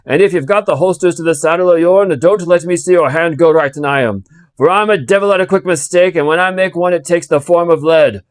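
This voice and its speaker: A man voicing a gruff, wary armed coach guard who barks loud challenges into the dark. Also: fairly high pitch, a little fast, no room sound, clean studio sound, voice pushed up, close to an everyday voice.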